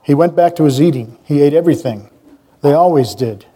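A man reads a novel aloud in a mellow, dark-toned voice that sits a touch high for a man. Between passages he drops into casual asides, correcting himself and commenting on his own reading. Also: brisk, slightly rough. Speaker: reader.

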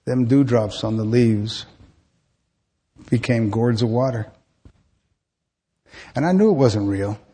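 Man reading as an anguished woman field worker, slow lyrical telling, husky tone. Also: medium pitch, warm tone, big-room sound. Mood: haunted. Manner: slow, lyrical, intense first-person narration. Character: grieving woman field worker, haunted by thirst.

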